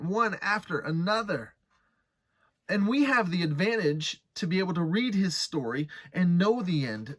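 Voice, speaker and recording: A man's voice: high voice, fairly bright tone. A man preaching a sermon as pastor, conversational and earnest, reading scripture with rising intensity.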